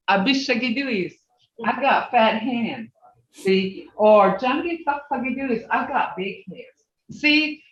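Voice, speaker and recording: Slow, patient language teacher on a distant call. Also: mid-range voice, fairly bright tone. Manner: slow, patient, explaining step by step; self-correcting, with asides. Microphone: video call. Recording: roomy, distant, dull video call audio.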